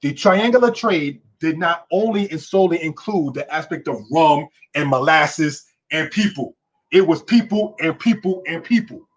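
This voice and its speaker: Emphatic male teacher, husky and a bit high-pitched, preacherly lesson delivery. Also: lively intonation, moderate pace. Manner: repeats "you understand?" and "brothers and sisters". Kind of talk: history lesson.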